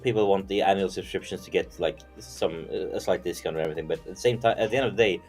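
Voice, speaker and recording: A man's voice: low voice, fast talker, music in the background. A man on a gaming news panel, talking casually in long rambling sentences full of fillers.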